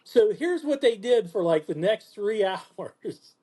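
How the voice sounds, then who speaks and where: Podcast host, male, high-pitched, animated profane storyteller, casual chat. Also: slow pace. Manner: animated, profane, acts out quotes in a lower voice.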